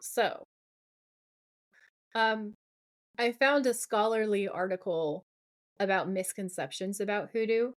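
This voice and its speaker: A woman co-hosting a podcast in a relaxed, chatty recap. She retells scenes with animated asides and quick laughs, her voice sitting at an ordinary middle pitch. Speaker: podcast co-host. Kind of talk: casual recap chat.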